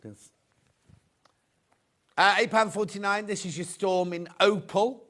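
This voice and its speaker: A man's voice: sits high, slow pace, a bit bright. A man presenting fabrics on a live TV shopping show, chatty and rambling, full of anecdotes.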